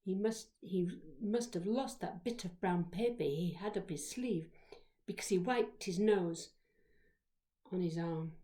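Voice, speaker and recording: A woman storyteller reading a childhood memoir aloud, expressive, shifting between hushed whispers and loud exclamations. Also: lowish voice, unhurried.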